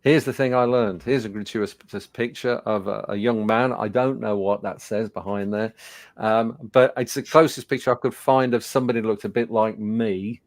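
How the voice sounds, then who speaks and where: Gravelly older English man telling stories. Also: fairly low pitch, moderate pace, dry recording. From England. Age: 60s. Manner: conversational, animated anecdotes with fillers. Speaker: webinar presenter. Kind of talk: storytelling presentation.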